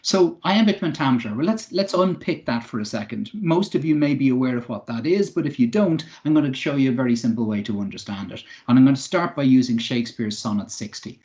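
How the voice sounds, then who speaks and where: A man's voice: medium pitch, expressive, brisk, few pauses, a little mellow, dull audio. Man teaching a poetry lesson. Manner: clear explanatory delivery, occasional fillers. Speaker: English teacher. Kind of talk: online lesson.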